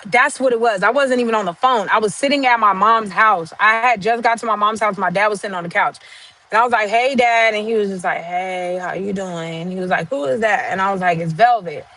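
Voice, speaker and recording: A woman's voice: on the high side, sharp tone, rough recording. A woman on a live stream telling a long personal family story in a casual way, acting out the lines of the people in it and using many fillers. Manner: conversational, retells dialogue with "I was like", many fillers.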